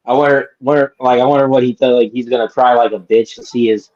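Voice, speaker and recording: A man's voice: mid-range voice, fairly even intonation, quick pace, a little mellow, lo-fi sound. A man co-hosting a live movie review stream, ranting in an angry, insulting, emphatic way. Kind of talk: casual profane rant.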